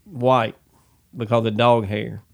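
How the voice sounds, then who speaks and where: A man, telling a rambling work story in casual chat, animated and swearing freely. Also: mid-range voice, slow, vocal fry. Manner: animated, swears freely, says "dude" a lot.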